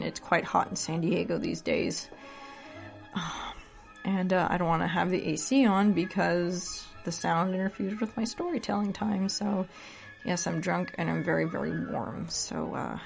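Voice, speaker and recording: A tipsy woman tells a story in a low, gravelly voice. She rambles a little and breaks off for asides. She is recording under a blanket at home, with faint music behind her. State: drunk. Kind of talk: casual story reading.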